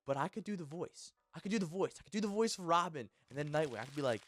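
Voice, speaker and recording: A man in his twenties hosting a casual, ranting vlog, rambling and excitable with frequent restarts. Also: fairly high pitch, fast, few pauses, no echo, studio quality. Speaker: channel host.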